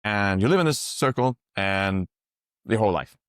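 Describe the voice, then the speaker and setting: A man's voice: fairly low pitch, animated, normal speed, clear, resonant tone, dry recording, clean studio sound. A man working as a psychedelic guide, talking casually on a podcast, explaining things through long rambling metaphors and swearing freely.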